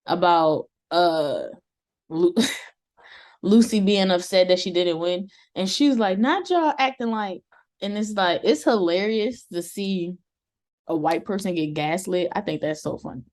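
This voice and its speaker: A woman co-hosting a casual TV review chat, animated and slangy, often laughing. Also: on the low side, unhurried. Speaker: co-host of a TV review show.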